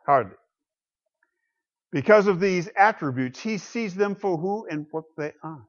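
A man preaching a sermon, swinging between loud declarations and quiet asides. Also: high voice, lively intonation, unhurried. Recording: dull lo-fi sound.

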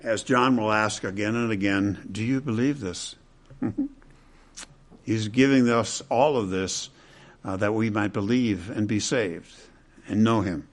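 Emphatic slow-paced male preacher. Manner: dramatic swings from loud emphatic peaks to hushed low tones; repeats phrases for emphasis. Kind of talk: expository sermon.

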